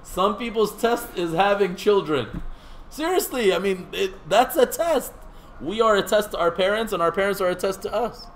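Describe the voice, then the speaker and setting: A man's voice: high voice, moderate pace, slight background noise, low-quality recording. A man teaching a seminary class in a conversational lecture, quizzing his students and making joking asides.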